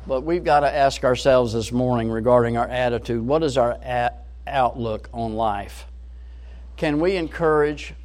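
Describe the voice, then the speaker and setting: A man's voice: medium pitch, darkish tone. A man preaching a sermon in an earnest, emphatic way, rising and falling in volume.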